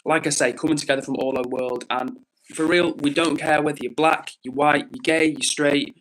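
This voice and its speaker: A man's voice: on the high side, steady tone, brisk, a bit bright. A young man, chatting casually on a live stream and reading viewer comments aloud in an upbeat, slangy way. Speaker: livestreamer.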